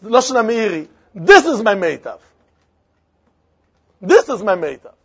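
Male Talmud teacher, Yiddish-inflected accent, husky high voice, animated sing-song reasoning, muffled lo-fi audio. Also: moderate pace. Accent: Yiddish-inflected English. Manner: animated, repetitive, sing-song argument with frequent questions. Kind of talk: Talmudic lesson.

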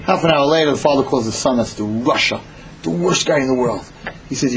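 A man telling a parable in an animated sermon style, repeating phrases as he goes. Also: medium pitch, brisk, slight background noise, low-quality recording. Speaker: storyteller. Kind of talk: storytelling sermon.

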